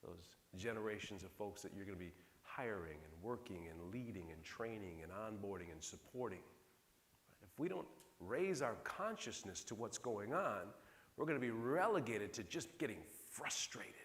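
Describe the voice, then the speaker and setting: A man's voice: on the low side, moderate pace. A middle-aged man giving a conference keynote to an audience in a large hall, telling stories with humor. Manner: animated, humorous storyteller. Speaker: keynote speaker. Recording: long reverb of a large hall.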